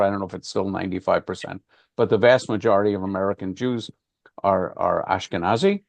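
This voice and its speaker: A man's voice: fairly low pitch, dry recording. A man leading an informal class discussion, talking conversationally with frequent restarts and fillers. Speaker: class teacher.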